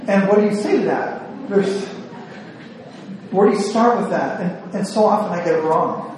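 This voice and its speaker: A man's voice: high-pitched, darkish tone, a little hiss or hum. Nervous earnest man in echoey hall. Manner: earnest, self-deprecating, with halting restarts. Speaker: psychiatrist giving a talk. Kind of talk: speech to a women's gathering. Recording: echoey hall, distant mic.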